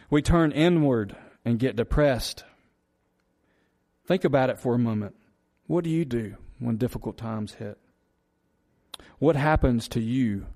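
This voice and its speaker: A man's voice: mid-range voice, a little mellow. A man preaching a sermon, earnest and repetitive, asking the congregation rhetorical questions. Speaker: pastor.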